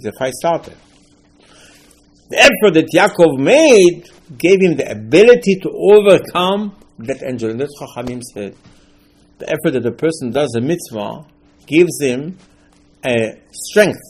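Gravelly emphatic man giving a sermon. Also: on the high side, sing-song, moderate pace, pauses often. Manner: emphatic, rising to loud bursts, non-native grammar. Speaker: rabbi.

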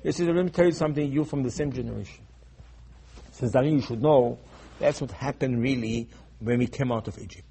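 Male preacher, husky mid-range voice, emphatic storyteller who jumps from loud outbursts to murmurs. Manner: emphatic, swings between loud bursts and low asides. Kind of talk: sermon.

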